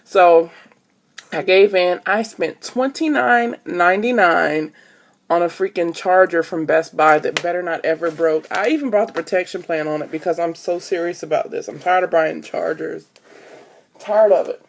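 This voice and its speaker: Chatty young woman with a gravelly edge. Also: on the low side, normal speed, slight background noise. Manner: chatty, rambling with many fillers. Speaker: vlogger. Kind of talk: casual chat to camera. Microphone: phone camera.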